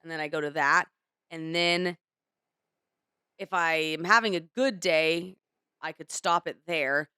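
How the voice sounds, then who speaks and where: Young woman co-host, lowish smooth voice, dry close sound, candid rambling chat. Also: unhurried, pauses often, sharp tone, no echo. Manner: candid, rambling, emotional retelling. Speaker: podcast co-host. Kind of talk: casual chat.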